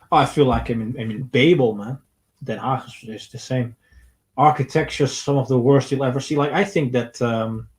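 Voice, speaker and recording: A man's voice: mid-range voice, darkish tone, low-quality recording. Blunt man answering questions. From Netherlands. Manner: blunt and opinionated, reads out questions then answers. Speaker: streamer answering viewer questions. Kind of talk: casual livestream Q&A.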